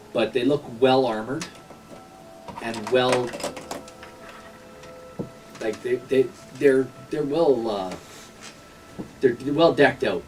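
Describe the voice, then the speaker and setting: A man running a tabletop game as game master, narrating with many pauses and restarts. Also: medium pitch, recorded from a distance, rough recording. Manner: hesitant, many fillers and restarts. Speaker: dungeon master.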